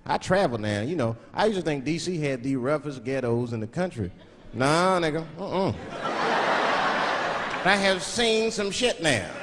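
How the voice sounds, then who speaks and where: A man from Washington, D.C. doing a stand-up comedy routine, animated and slipping into put-on voices. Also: a little high, moderate pace, heavy background noise. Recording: live show in a big hall with a loud laughing crowd.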